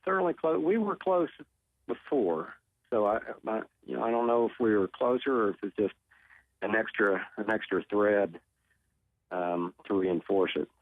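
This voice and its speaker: A man's voice: fairly low pitch, lively intonation, moderate pace, no room sound. A man from Oklahoma, a guest on a talk show, earnestly telling a personal story and often repeating his words. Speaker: tornado survivor guest. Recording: tinny phone line.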